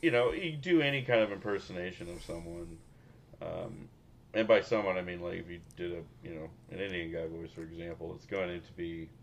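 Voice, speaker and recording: A man's voice: low voice, a little fast, gravelly. A man co-hosting a podcast in casual chat, rambling and profane and laughing often. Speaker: podcast co-host.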